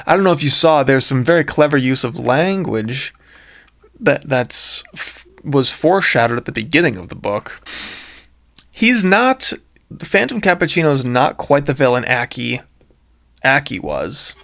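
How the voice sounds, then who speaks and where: A man's voice: mid-range voice, big pitch swings, unhurried, vocal fry, fairly bright tone. A young man reading his own childhood book aloud with casual, wry commentary and asides.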